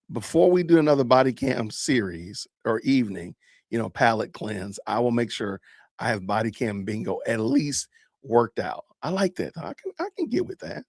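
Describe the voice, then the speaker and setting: A man in his fifties hosting a podcast, joking in a casual, animated way and talking to his live chat as he comments on videos. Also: mid-range voice, slightly rough, no echo, clean studio sound. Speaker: podcast host.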